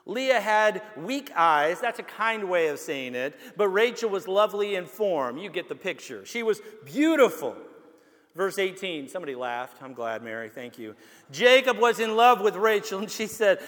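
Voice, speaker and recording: A man preaching as pastor, reading scripture slowly and building to emphatic, shouted appeals. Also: high-pitched, expressive, long reverb tail. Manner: preaching with rising emphatic outbursts; slow, deliberate delivery. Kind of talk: sermon.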